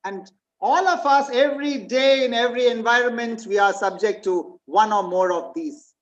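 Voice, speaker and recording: A woman's voice: on the high side, normal speed, highs cut off. A woman giving an online presentation, reading slide points and quizzing her listeners. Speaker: webinar presenter.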